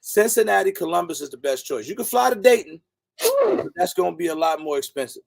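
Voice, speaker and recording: A man's voice: high voice, huge pitch swings, fairly quick, vocal fry, no room sound. A man hosting a casual livestream, laid-back, greeting viewers by name. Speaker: livestream host. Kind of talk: casual live chat.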